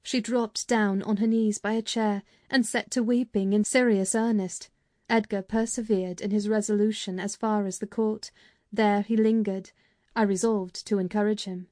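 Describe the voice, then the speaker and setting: Mellow woman reading an audiobook. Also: medium pitch, flat delivery, moderate pace, dry recording, studio quality. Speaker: audiobook narrator. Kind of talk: scripted narration.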